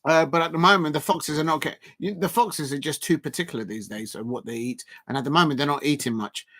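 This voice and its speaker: Excitable man hosting a football stream. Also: on the high side, fast talker. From South London, England. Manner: excitable, rambling, many fillers and restarts. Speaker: live stream football watchalong host. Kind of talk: casual live commentary and chat reading.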